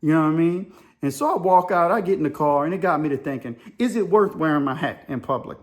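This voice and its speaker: A man's voice: on the high side, expressive, fast. A man telling a casual, rambling story in colloquial talk. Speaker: vlogger.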